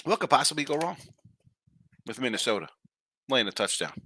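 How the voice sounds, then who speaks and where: A man's voice: mid-range voice, very animated, brisk, bright, forceful tone, slightly rough. A man hosting a live sports betting show, giving brash, jokey picks and chatting with viewers in the comments.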